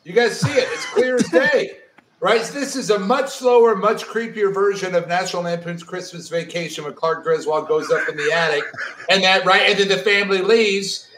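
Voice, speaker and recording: A man's voice: high voice, moderate pace, background noise. A man co-hosting a podcast in casual chat, playful and teasing, full of movie references. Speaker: podcast co-host.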